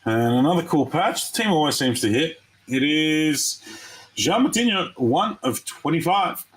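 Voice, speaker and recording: An Australian host runs a live card break in a low-quality recording, his voice a little high and his pace measured. In casual live-stream commentary, he chats excitedly with viewers and responds to every pull.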